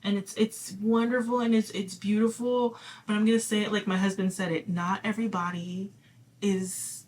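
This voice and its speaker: A woman talks through a card reading in a loose, chatty way, full of fillers and reassurance. Her voice sits at an ordinary middle pitch. A faint hiss of noise runs under the recording. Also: little pitch movement, moderate pace, a little mellow. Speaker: tarot reader. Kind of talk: casual spoken card reading to viewers.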